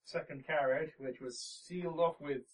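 A man's voice: fairly high pitch, steady tone, moderate pace. A man with a jokey, rambling way of talking, chatting casually with friends and recapping a tabletop game. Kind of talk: casual chat among friends. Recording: distant from the mic.

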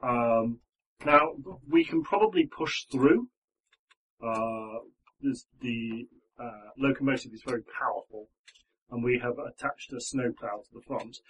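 A man's voice: mid-range voice, very animated, unhurried, a bit bright, slightly rough, distant mic, pitched below the performer's own voice, full character voice, low-quality recording. A man voicing a train steward who apologises politely and hesitantly. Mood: apologetic.

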